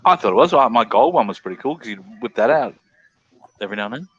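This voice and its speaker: Animated swearing Australian man, lo-fi. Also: lowish voice, fast, breathy edge. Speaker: host of a live panel stream. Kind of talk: casual chat. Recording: dull lo-fi stream audio with faint noise.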